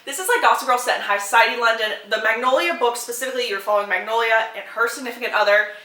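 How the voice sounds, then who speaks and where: A young woman chatting casually and excitedly about books to her followers, quick to laugh and half-sing song lyrics. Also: a little high, reverberant. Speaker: book content creator. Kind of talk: casual chatty book recommendations.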